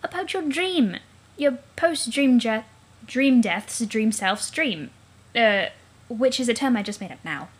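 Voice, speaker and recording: A woman's voice: a little high, expressive, unhurried, husky. A woman voicing a bubbly teenage alien sea princess who teases with fish puns. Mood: chirpy. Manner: fish puns, cheery, teasing.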